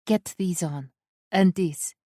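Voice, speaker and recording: A woman narrator voicing a defiant young woman who speaks softly and reassuringly to a friend. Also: lowish voice, slow, no echo, clean studio sound. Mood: gentle. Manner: soft and reassuring, then frightened and forceful.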